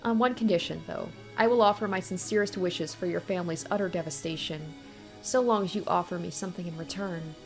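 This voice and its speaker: A calm, mysterious witch who bargains in curses, speaking in a lowish, measured voice, as a woman reads her part from a story game. She sounds coolly amused, as if nothing can surprise her. Soft music plays faintly behind. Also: lightly acted. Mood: cool, mocking. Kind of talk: reading a visual novel aloud.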